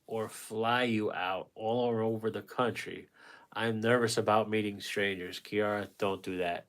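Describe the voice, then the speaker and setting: A man's voice: fairly low pitch, steady tone, measured pace, fairly bright tone. A man in his forties hosting a casual livestream, reading out viewer comments and giving blunt, rambling advice, swearing freely and breaking off mid-thought. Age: 40s. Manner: gives frank dating advice to viewers by name. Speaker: painting livestream host.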